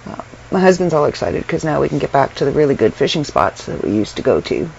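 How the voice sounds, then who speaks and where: A middle-aged woman from Canada rambles casually from her bedroom, tired and unwell but chatty, filling gaps with ums. Her voice has a gravelly, creaky edge at a middle pitch. The recording sounds dull and lo-fi with a faint hiss of room noise. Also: sing-song, quick pace, a little mellow. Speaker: vlogger. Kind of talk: casual chat to camera.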